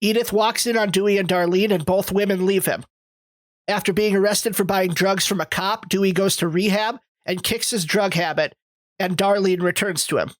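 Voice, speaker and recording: A podcast co-host reads out a film's plot summary at a steady, measured pace. The delivery stays in a middle register. The sound is close and dry. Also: medium pitch, no room sound, low-quality recording. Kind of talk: reading a plot summary, then casual discussion.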